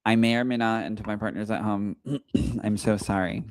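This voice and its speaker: A young adult man hosting a casual podcast chat, animated and telling stories by acting out quoted lines. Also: on the low side, normal speed, no room sound. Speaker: psychic medium and podcast co-host.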